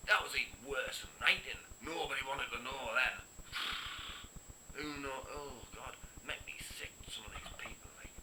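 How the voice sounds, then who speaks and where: A man's voice: medium pitch, moderate pace, hardly any pauses. Grumbling man, half-whispered asides. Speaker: comic vlogger. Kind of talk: deadpan comic rant to camera. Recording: echoey room with background noise.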